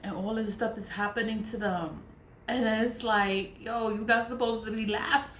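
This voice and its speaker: A woman's voice: on the high side, steady tone, moderate pace, fairly bright tone. A woman talking casually to camera. She rambles and repeats herself, swears, and keeps breaking into giggling laughter. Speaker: self-styled witch vlogger. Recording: echoey room with faint background noise.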